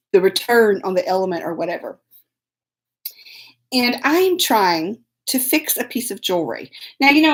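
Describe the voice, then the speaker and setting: A woman telling a story to camera in a casual, self-mocking way, laughing often. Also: mid-range voice. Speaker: host.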